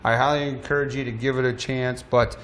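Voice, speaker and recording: Energetic man hosting a live sales show. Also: medium pitch, a little fast. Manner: energetic, emphatic promo delivery. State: out of breath. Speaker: live shopping show host. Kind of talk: upbeat sales pitch.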